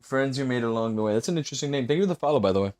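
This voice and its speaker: A man's voice: medium pitch, very fast, dry recording. Laid-back man streaming a game. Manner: laid-back, joking, swears freely; flat, bothered-sounding delivery. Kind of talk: casual live-stream chat while gaming.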